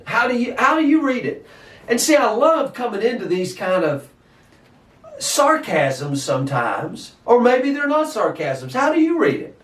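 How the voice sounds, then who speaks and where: High-pitched guy preaching, keeps asking questions, sounds far from the mic with lots of echo. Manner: questioning, animated, repeats himself. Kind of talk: sermon. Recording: echoey, distant from mic.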